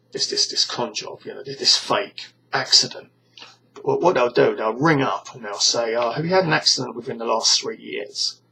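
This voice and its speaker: Man, British accent, casual rant to camera, stammering restarts, exasperated, tense bright voice. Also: medium pitch, gravelly, slightly rough, low-quality recording. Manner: rambling, with frequent stammered restarts; scornful, exasperated. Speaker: vlogger. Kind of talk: casual ranting monologue to camera.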